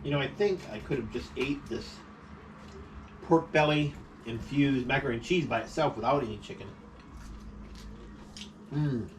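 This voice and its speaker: A man hosting a casual home food vlog speaks at a moderate pace with a medium pitch, pausing often. His mukbang chat at the dining table is playful and full of laughter. The faint noise comes from a distant camera mic.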